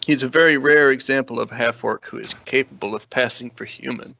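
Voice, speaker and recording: A man's voice: mid-range voice, a little fast, vocal fry, sharp tone. A man narrating as dungeon master in an easygoing way, laughing often, on dull lo-fi audio. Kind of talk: narrating a tabletop game. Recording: dull lo-fi dry stream audio.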